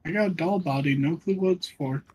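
A man's voice: on the high side, brisk, a little mellow, breathy edge. A young man answering a friend in casual gaming voice chat, laid-back and matter-of-fact with short replies. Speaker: co-op gaming partner.

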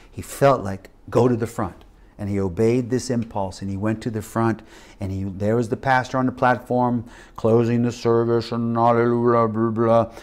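Man in his 50s, missions teacher, animated storytelling, preacher-like emphasis, mid pitch. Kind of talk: lecture with a personal testimony.

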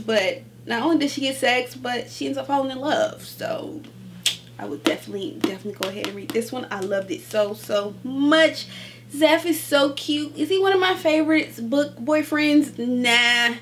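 A woman's voice: sits high, normal speed, a little hiss or hum. Gushing woman chatting about books. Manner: animated, gushing, addresses viewers as y'all. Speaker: book vlogger. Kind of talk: casual book haul chat.

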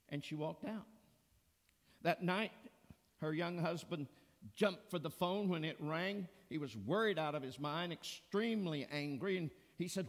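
Pastor, male, slow deliberate sermon delivery, gravelly, churchy reverb. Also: a little high. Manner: slow, deliberate storytelling preacher. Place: church sanctuary.

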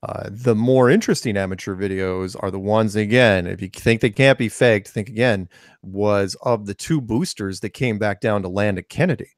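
Animated man telling stories in podcast chat. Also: on the low side, normal speed, no echo, clean studio sound. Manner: animated storytelling, frequent restarts and fillers. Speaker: co-host. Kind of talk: casual conversational podcast.

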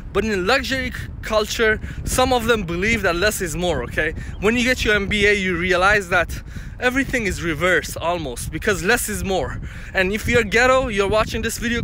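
A man's voice: high voice, noisy background. Brief: male vlogger from Mauritius, loose, rambling street chat outdoors. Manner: rambling, tags sentences with "okay?". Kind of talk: casual vlog chat while walking. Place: outdoors in a city.

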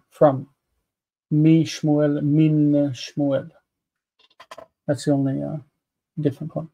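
A man co-hosting a live online grammar lesson, explaining methodically with frequent pauses. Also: fairly high pitch, warm tone. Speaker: co-host teaching Biblical Hebrew.

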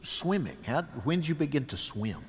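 A man leading an interview as pastor on a church stage, folksy and hesitant, with many pauses and amens. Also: a little high, sing-song, slightly rough. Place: church sanctuary. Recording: long reverb of a large hall.

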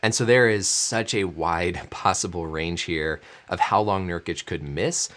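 A man who is a doctor, hosting a video and walking through a sports injury in a clear, enthusiastic explaining manner. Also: sits low, measured pace, fairly bright tone.

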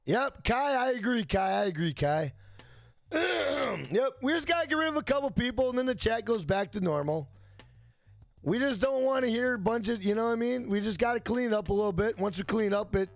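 A young man streaming a game, loud and brash, yelling and swearing as he answers his chat. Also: extremely high pitch, expressive, fairly quick, vocal fry, no room sound, soft background music. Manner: loud, yells to be heard; brash and profane, reads chat aloud. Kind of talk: casual live-stream chat.

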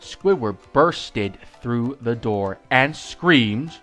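Man, slow creepypasta reading, mid pitch, faint music behind, chatty asides. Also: lively intonation, fairly bright tone. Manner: slow, with asides and self-corrections. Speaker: creepypasta reader. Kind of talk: reading a horror story aloud.

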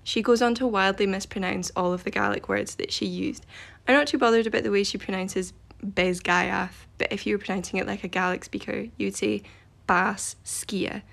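A woman ranting on a short social media video with a voice full of vocal fry. She speaks bluntly and emphatically and sounds thoroughly exasperated. Her pitch sits in a middle range. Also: fairly even intonation, a little fast, fairly bright tone.

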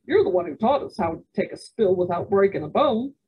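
A woman's voice: mid-range voice, expressive, a little fast, husky, highs cut off. A woman voicing an eager, boastful teenage cowboy boy in a read-aloud story. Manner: eager, cocky.

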